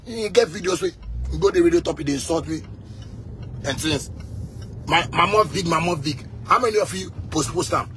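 A man with a Ghanaian accent and a notably high voice rants with fiery energy. He circles back over his points and often breaks into shouts. Faint noise hangs behind him. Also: normal speed, pauses often. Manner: fiery, repeats himself, bursts into shouting. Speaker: musician. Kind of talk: heated rant.

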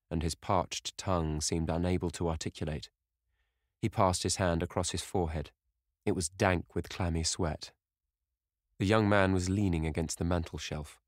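A man narrating an audiobook in a measured, dramatic reading style. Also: low voice, dry recording, studio quality. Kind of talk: scripted narration.

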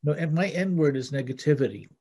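A gentle, halting man plays a therapist in an improvised comedy session. His voice is mellow and husky, and he speaks earnestly and hesitantly. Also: fairly high pitch, expressive.

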